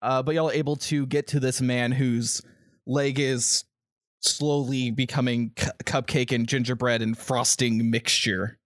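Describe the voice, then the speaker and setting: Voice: mid-range voice, flat delivery, a little slow, dry recording, clean studio sound. Laid-back game master narrating. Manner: casual, rambling, laughs often.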